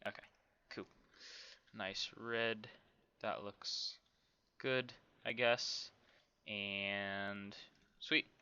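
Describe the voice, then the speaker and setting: Slow, rambling man with a bright voice. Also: on the low side, fairly even intonation, clear, resonant tone, no room sound, dull audio. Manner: rambling, self-talking, many fillers. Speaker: game development tutorial host. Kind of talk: casual screen-recorded tutorial.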